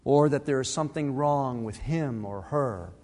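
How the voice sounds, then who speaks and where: A man's voice: mid-range voice, normal speed, darkish tone, big-room sound. A middle-aged man preaching a sermon, earnest and conversational, restarting his phrases as he talks. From Arizona. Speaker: pastor.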